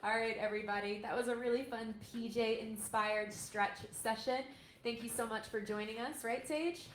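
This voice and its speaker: A woman's voice: a little high, steady tone, moderate pace. A woman yoga instructor in her thirties, guiding a parent-and-child stretch class with upbeat, encouraging cues. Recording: echoey room with faint noise.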